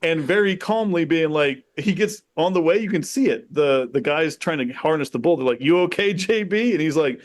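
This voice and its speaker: A man co-hosting a casual podcast chat, telling stories with animated energy, swearing freely and laughing as he goes. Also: fairly high pitch, normal speed, few pauses, dry recording. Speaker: podcast co-host.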